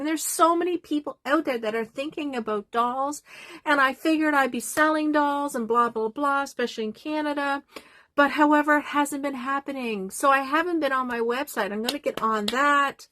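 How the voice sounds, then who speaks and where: A woman's voice: high-pitched, fairly bright tone, dry recording. Rambling older woman vlogging at home. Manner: rambling, emotional, easily sidetracked. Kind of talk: casual talk to camera. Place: small doll room at home.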